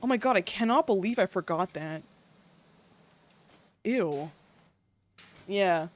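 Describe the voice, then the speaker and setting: Lively young woman streamer chatting. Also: medium pitch, slow. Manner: animated storytelling, swearing, laughing often. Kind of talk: casual livestream chat.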